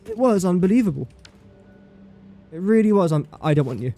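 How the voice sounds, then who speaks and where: A man with a fairly high but mellow voice chats through a game livestream. He is playful and teasing, scolds the objects in his game and pokes fun at himself. Soft music plays faintly behind him. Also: lively intonation, fairly quick. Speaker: game streamer. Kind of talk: casual gameplay livestream chat.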